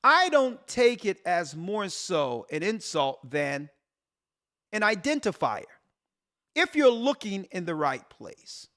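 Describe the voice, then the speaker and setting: A man, a church elder and show host, commenting on a news article with an animated preaching delivery, rhetorical questions and repeated emphasis. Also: high-pitched, slow pace.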